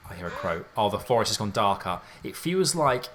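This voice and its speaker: A man giving let's play commentary on a game, excitable and jumpy, thinking aloud in casual slang. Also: on the low side, a little fast, slight background noise. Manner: casual slangy talk, says mate and dude. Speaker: gaming YouTuber.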